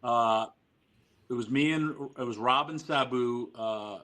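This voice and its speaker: A man telling wild stories as a podcast guest, animated and swearing freely. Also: mid-range voice, measured pace, poor audio. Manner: animated, profane storyteller. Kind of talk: podcast storytelling.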